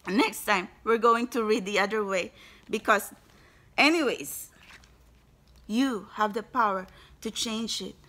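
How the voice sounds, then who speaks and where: A woman's voice: unhurried, pauses often. A woman giving a spiritual tarot reading to her viewers, effusive and exclaiming, often addressing them as guys. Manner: gushing, rises into high excited bursts. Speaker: tarot card reader. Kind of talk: spiritual card reading to camera.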